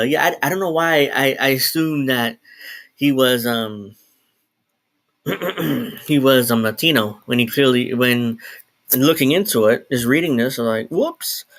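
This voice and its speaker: A man's voice: medium pitch, a little slow, pauses often, a bit bright. A man talking off the cuff on a solo live stream at home, rambling, restarting sentences and swearing now and then. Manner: rambling, self-interrupting, swears and laughs. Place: home, in New Jersey.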